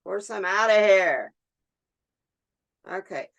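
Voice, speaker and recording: A woman's voice: mid-range voice, expressive, slow pace, creaky. A woman hosting a resin art tutorial, chatting casually and talking to herself as she works. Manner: chatty, talks to herself while working, laughs easily. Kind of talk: casual hands-on demonstration.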